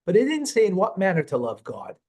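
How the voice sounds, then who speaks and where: A man's voice: high-pitched, huge pitch swings, a little fast, a little mellow. A man, a rabbi, teaching a Torah class, reading verses aloud, translating them and quizzing a student before explaining. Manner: questions the student and then explains.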